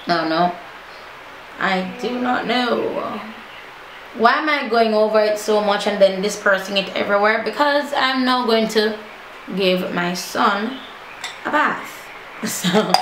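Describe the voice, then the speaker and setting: A woman's voice: mid-range voice, a bit bright, reverberant, a little hiss or hum. A young woman with a Jamaican accent, chatting casually through a makeup tutorial and slipping playfully into patois. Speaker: makeup vlogger.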